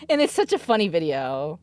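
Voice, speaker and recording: A mother in her thirties chats casually on a stream, giggling often as she tells stories. Her voice sits on the low side and sounds a little mellow, in a dry recording.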